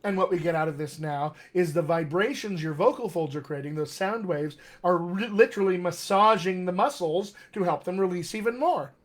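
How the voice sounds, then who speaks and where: A man's voice: high-pitched, normal speed, few pauses. A man teaching tongue exercises as a dialect coach in a live-streamed lesson, upbeat and encouraging. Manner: upbeat, encouraging, reads out viewer comments.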